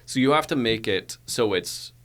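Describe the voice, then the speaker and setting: A man with a trained baritone voice, chatting easily as a podcast guest about narrating audiobooks. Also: lively intonation, fairly bright tone. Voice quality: baritone singer's voice. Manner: easygoing, explains with quick accent samples. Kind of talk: casual podcast chat.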